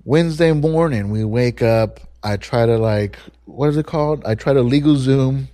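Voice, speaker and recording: A man's voice: medium pitch, moderate pace, warm tone, no echo, clean studio sound. A man telling a rambling, profane story in a casual chat, speaking into a podcast microphone.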